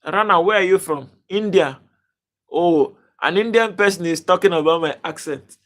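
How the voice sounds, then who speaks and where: A man's voice: sits high, normal speed, a bit bright. A man from Africa hosting a casual live stream, bantering with viewers and reading their comments aloud in a playful way. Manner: playful banter, chuckling, repeats words when starting.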